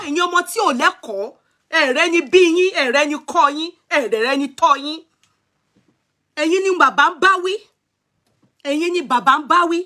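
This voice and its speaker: A woman's voice: on the high side, bright, forceful tone. A young Nigerian woman with a Yoruba-speaking accent, hosting a gossip livestream and scolding her viewers, switching between Yoruba and English. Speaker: gossip show host.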